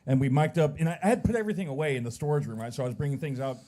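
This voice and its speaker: A man who runs sound at the venue, telling a casual story in an animated way and throwing in sound effects. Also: fairly high pitch, racing. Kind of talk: casual chat.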